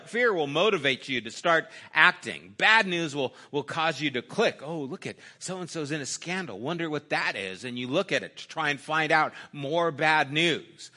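Conversational pastor, bright voice, loud-to-hushed. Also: male voice, a little high. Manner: conversational, swings from loud emphasis to hushed intimate asides. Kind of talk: sermon.

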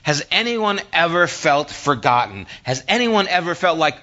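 A man preaching a sermon, conversational and animated, moving between hushed reflection and emphatic asides. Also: a little high, normal speed, hardly any pauses, highs cut off. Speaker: pastor.

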